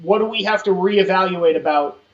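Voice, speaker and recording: A podcast guest with a high voice speaks a little fast, cursing freely and talking bluntly about politics in a casual, animated way. The recording sounds dull and lo-fi.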